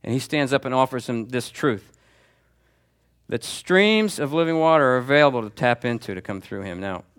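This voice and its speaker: A man's voice: medium pitch, expressive, normal speed, fairly bright tone, clear, resonant tone. A man preaching a sermon as pastor, in a conversational, emphatic style that repeats key phrases.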